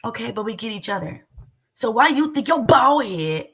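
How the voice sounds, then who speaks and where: Husky, indignant woman in loud commentary. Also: on the high side, very animated, moderate pace. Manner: loud, indignant and mocking, with frequent outbursts. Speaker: commentator reacting to a stream clip. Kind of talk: heated reaction commentary.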